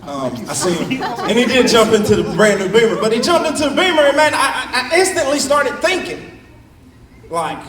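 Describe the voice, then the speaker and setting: A young man on a comedy stage spins a stand-up story, his voice high for a man and swinging widely as he acts out the people in it. He sounds set back from the mic in a roomy hall. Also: brisk, recorded from a distance. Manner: animated, acts out characters in shifting voices.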